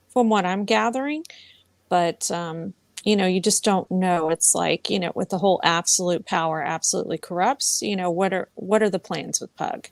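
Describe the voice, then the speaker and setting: A woman's voice: medium pitch, no room sound. A woman in a casual book discussion, musing aloud with plenty of "you know". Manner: thoughtful, musing, many fillers. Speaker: book club member.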